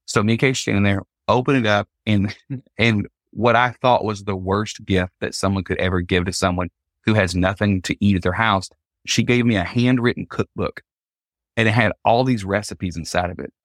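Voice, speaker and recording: A man's voice: lowish voice, moderate pace, dry recording, clean studio sound. A man, a guest on a podcast, telling a personal story and acting out the people in it. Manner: animated, acts out quotes in the story. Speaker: podcast guest, Christian singer.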